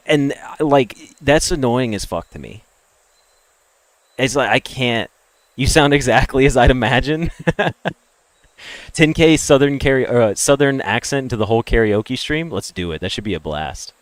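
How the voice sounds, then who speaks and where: A young American man chatting with viewers on a game stream, ranting and opinionated, jumping from loud emphatic bursts to low mutters. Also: lively intonation, normal speed, dry recording. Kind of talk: casual chat with stream viewers.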